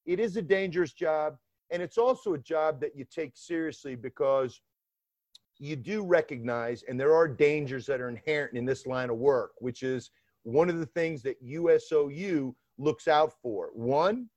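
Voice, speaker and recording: A middle-aged man with a strong New York accent speaks in a fairly high voice, telling stories emphatically. The sound is dull and lo-fi, with a dry, close feel and no room echo. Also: normal speed. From Atlanta area, Georgia. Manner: animated storytelling, emphatic. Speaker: former FBI undercover agent, guest. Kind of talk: interview conversation.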